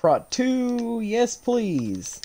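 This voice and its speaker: Animated man streaming a game. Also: very high voice, extremely slow. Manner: animated, talks to game characters, laughs often. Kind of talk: live gameplay commentary.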